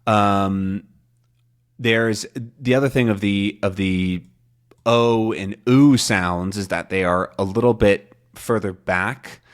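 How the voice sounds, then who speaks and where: A man hosting a podcast lesson for English learners, talking in a relaxed, loose way with many fillers and restarts. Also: on the low side, takes it slowly. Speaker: podcast host and English teacher. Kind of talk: casual spoken lesson.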